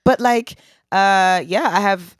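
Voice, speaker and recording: A woman's voice: medium pitch, slow, smooth, no echo, clean studio sound. A woman in her thirties, a podcast guest telling stories animatedly and laughing as she talks. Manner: animated, laughing, acts out quotes. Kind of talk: casual chat, storytelling.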